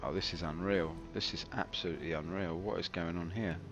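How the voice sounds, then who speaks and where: A man's voice: sits low, steady tone, a little fast. Wry man streaming a game. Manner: wry, self-mocking, chatty. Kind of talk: casual live-stream commentary. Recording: slightly dull stream audio with faint game music.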